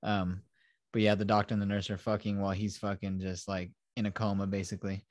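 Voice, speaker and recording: A man's voice: on the low side, level tone, quick pace, dry recording, studio quality. A man hosting a casual podcast, animatedly retelling a film scene by scene, acting out the characters and swearing freely. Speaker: podcast host.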